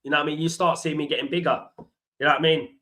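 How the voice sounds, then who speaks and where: Chatty man, bright voice. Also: a little high, flat delivery, racing, low-quality recording. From London. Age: 40s. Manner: chatty storytelling, addresses viewers as guys and mate. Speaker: host of a football fan watchalong. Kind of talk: casual live-stream chat.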